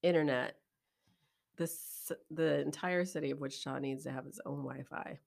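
A woman's voice: rumbling low, steady tone, normal speed, vocal fry, a little mellow. A woman co-hosting a podcast in casual chat, making her points emphatically in short, punchy statements. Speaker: podcast co-host.

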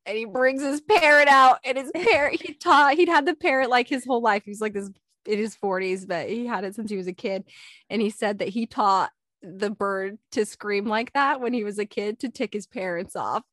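A woman's voice: on the high side, normal speed, no echo, clean studio sound. Giggly woman telling stories on a podcast. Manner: giggly, animated storyteller acting out quotes. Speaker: podcast co-host. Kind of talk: casual chat, reading listener stories.

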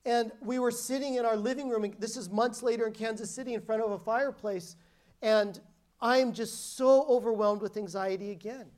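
A woman's voice: on the high side, steady tone, fairly quick, a little mellow. A woman preacher giving a sermon as a personal testimony, telling her story emphatically and often restarting her sentences.

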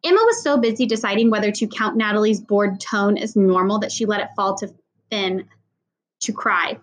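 A woman reading a children's novel aloud in steady storytelling narration. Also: mid-range voice, normal speed, low-quality recording. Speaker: audiobook reader.

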